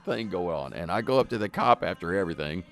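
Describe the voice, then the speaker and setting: A man's voice: sits low, quick pace, soft background music. A man with an American accent, a comedian telling a story as a podcast guest in a bar. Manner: animated anecdote teller. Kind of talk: casual storytelling chat.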